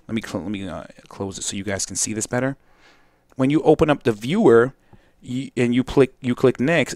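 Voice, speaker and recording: A young man talks through a software tutorial in a loose, rambling way, drifting off topic and restarting his sentences. His voice sits at a middle pitch. The recording is dry, with no room sound. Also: no room sound. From Brooklyn, New York. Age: young adult. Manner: rambling, digressive, restarts often, talks straight to viewers. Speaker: host and video editing tutor.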